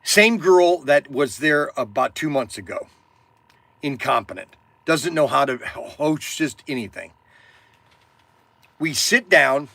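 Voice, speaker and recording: A man's voice: on the high side, animated, slow pace, long pauses, pushed and bright, no echo. A man in his sixties hosting a stream, telling an indignant story with a raised voice. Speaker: hobby shop owner hosting a stream. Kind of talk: ranting storytelling.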